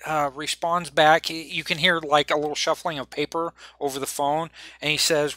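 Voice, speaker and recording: A man running a tabletop game as game master, relaxed and rambling, laughing often. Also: fairly high pitch, normal speed, hardly any pauses, no echo.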